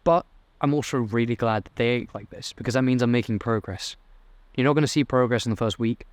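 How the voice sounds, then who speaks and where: A man's voice: medium pitch, dry recording. A young man, giving a blunt, swearing motivational talk to camera as a self-improvement vlogger. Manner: blunt, profane, fired-up.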